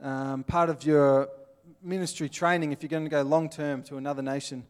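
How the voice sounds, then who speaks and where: A man's voice: on the high side, fairly even intonation, normal speed, clear, resonant tone. An Australian man giving an earnest, plainspoken sermon, with little acted-out scenes. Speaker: pastor.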